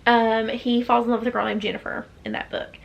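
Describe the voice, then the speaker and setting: A woman's voice: a little high, little pitch movement, a little fast, gravelly, muffled recording. A young woman with a Southern US accent chatting casually as a book vlogger, rambling with many fillers and restarts. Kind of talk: casual chat.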